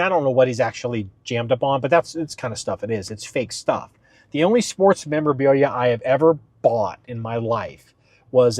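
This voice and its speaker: A man hosting his own podcast in a casual, rambling way, with frequent fillers and restarts, pitching his voice up a little for the show. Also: a little mellow, no room sound. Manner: talks slightly up for the podcast. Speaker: podcast host. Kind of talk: casual solo podcast talk.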